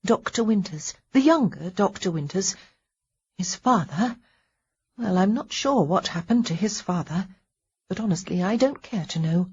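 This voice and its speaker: A woman's voice: mid-range voice, animated, a little slow, husky, highs cut off. Woman narrating as a worried, tired young lady. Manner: earnest and gently fretful. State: sleepy. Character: caring, worn-out young lady at a sickbed.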